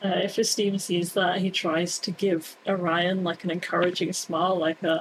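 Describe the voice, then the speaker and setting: A woman's voice: fairly low pitch, level tone, normal speed, hardly any pauses, poor audio. A woman describing her character's actions in a tabletop role-play game, in a loose, playful way. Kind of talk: casual role-play narration. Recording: faint background noise.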